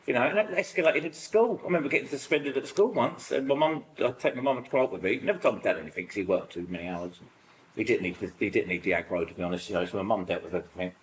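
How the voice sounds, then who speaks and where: A middle-aged British man with a British accent, sharing childhood stories in a recovery group, rambling and animated with lots of fillers. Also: mid-range voice, racing, a little hiss or hum, rough recording. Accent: British English. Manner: rambling, animated storytelling full of fillers and acted-out quotes. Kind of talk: personal sharing in a support group.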